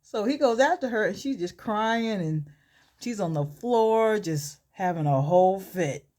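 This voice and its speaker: A woman's voice: mid-range voice, lively intonation, unhurried, darkish tone. A woman casually telling a story during a makeup tutorial, chatty and full of fillers, with asides to herself as she works. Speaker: vlogger and storyteller.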